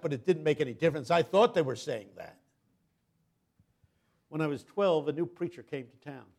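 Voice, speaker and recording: An older man delivers a sermon as a guest preacher, with a gravelly edge to a voice that sits a bit high. He tells his story dramatically, sinking to near hushes and then swelling loud as he acts out each person's lines. The delivery is lively and theatrical.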